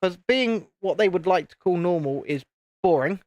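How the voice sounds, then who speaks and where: A man's voice: high voice, expressive, normal speed, darkish tone, no echo. A man chatting casually and rambling on a live stream while building Lego. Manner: chatty, rambling, self-interrupting.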